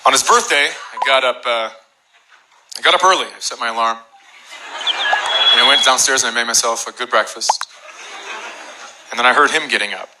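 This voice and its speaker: A man's voice: mid-range voice, moderate pace, pauses often. A man doing stand-up comedy on a club stage, telling a self-mocking story in a dry way. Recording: noisy live stage recording.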